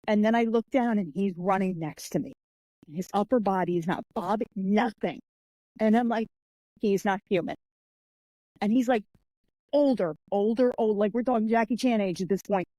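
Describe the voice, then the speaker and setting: A woman being interviewed on a podcast, telling anecdotes in a lively, animated way and acting out the voices of the people in them. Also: medium pitch, normal speed, dry recording, low-quality recording. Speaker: guest, author and martial artist.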